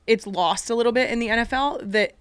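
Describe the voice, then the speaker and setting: A woman's voice: on the high side, clean tone, no echo. A woman in her thirties with a Philadelphia accent, a podcast guest chatting casually and teasing her host. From Philadelphia area. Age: 30s. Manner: playful, quick laughs, teasing. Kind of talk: casual chat.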